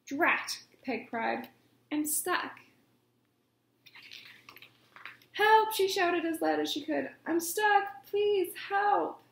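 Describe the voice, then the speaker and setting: A weary young maid girl, as a woman reads her, high and gravelly, crying out in little exclamations. Storybook reading in an echoey room. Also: a little slow, heavily acted. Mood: panicked. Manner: plaintive, exclaiming. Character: tired young palace maid girl, clumsy but kind.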